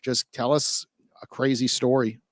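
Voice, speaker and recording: A man's voice: mid-range voice, flat delivery, measured pace, no room sound. A man hosting a podcast, welcoming listeners and asking a guest questions in a loose, filler-heavy way. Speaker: podcast host.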